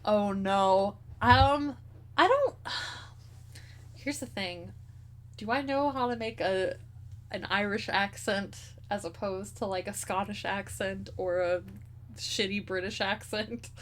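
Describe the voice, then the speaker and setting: A woman's voice: mid-range voice, slow, slight background noise. A young woman streaming a game, chatting casually with lots of giggles and fillers. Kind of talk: casual gameplay commentary.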